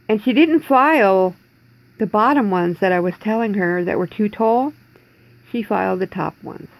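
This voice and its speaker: A woman's voice: mid-range voice, low-quality recording. A woman in her forties talking in a rambling, distressed way in a personal video diary from home, holding back tears. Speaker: vlogger.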